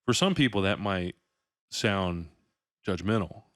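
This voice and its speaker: A man hosting a podcast interview, speaking reflectively and thinking aloud in a soft voice. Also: sits low, expressive, a little slow, no echo, studio quality. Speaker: podcast host. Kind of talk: casual interview conversation.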